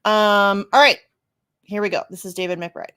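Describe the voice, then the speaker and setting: A woman's voice: medium pitch, steady tone, normal speed, pushed and bright, clear, resonant tone, no room sound. Stuffy-nosed woman hosting her stream, chatty and rambly, dry close sound. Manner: chatty, self-deprecating, frequent fillers and laughs. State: congested from sneezing. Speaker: livestream show host. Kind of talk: casual livestream talk.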